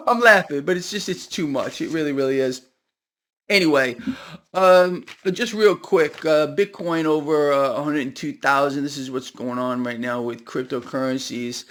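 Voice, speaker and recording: A man hosting a market commentary video, talking straight to his viewers in a casual, animated and sarcastic way. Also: a little high, measured pace.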